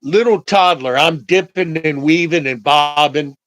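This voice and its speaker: An older man tells his stories at an unhurried, deliberate pace, his voice sitting a little high for a man. He speaks reflectively and pauses often. The recording is dry and close, with no room sound. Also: a bit bright, dry recording, low-quality recording. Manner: slow, reflective, halting delivery with pauses. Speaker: storyteller. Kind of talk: personal storytelling.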